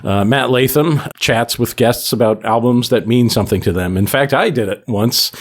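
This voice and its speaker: A man's voice: mid-range voice, moderate pace. A man co-hosting a music podcast in casual chat, jokey and upbeat, now and then singing a silly line. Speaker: podcast co-host.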